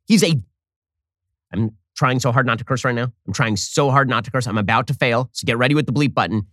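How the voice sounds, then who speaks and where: A man hosting a political commentary show, delivering a fast, sarcastic, exasperated monologue. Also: mid-range voice, a bit bright, dry recording.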